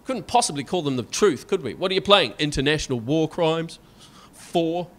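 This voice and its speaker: A Scottish man performing stand-up comedy, sarcastic and animated, often tagging his lines with "right?". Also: a little high, moderate pace. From Scotland.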